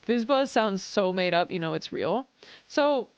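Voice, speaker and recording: A woman's voice: medium pitch, animated, measured pace, clean tone, no room sound. A woman in a casual live stream, rambling through stories, swearing freely and reading chat aloud. Her voice sits in a middle range and sounds dry and close. The recording is a little dull. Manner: chatty, swears often, reads chat aloud, acts out customers.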